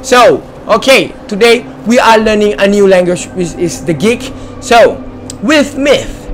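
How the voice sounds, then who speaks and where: A man's voice: high voice, normal speed, a little hiss or hum. A man hosting a casual let's-play video, chatting playfully as he explores, joking and talking back to the game. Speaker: gamer and channel host.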